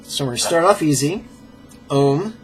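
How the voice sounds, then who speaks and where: A man leading a pronunciation drill as a meditation teacher, playful and joking, sounding out syllables slowly and carefully. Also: on the high side, animated, soft background music. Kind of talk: pronunciation drill in a live lesson.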